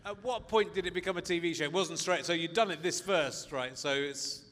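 A man's voice: a little high, a little fast, a bit bright, big-room sound. A male podcast host interviewing a guest live, asking wry, rambling questions.

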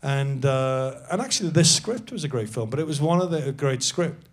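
A man's voice: medium pitch, expressive, normal speed. A man telling a self-deprecating story as a guest on a live comedy podcast, laughing often. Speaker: actor guest.

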